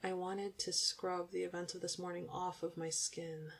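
A young woman narrating an intimate audiobook story in the first person, in an even, intimate storytelling manner. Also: fairly low pitch, normal speed, breathy edge.

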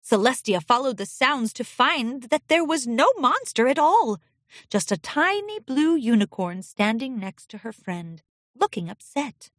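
A woman narrating a children's storybook with an expressive, animated reading. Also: high-pitched, measured pace, no echo, studio quality.

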